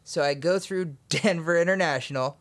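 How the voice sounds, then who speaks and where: A young man hosting a podcast, telling an animated travel anecdote in casual chat with laughter and swearing. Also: a little high, normal speed. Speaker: podcast host.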